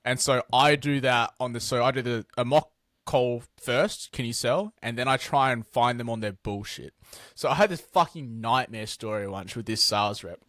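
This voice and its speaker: A business owner, appearing as a guest in a casual interview, tells blunt, sweary stories with animated energy. He has a medium-pitched voice at normal speed, recorded in studio quality with no room sound.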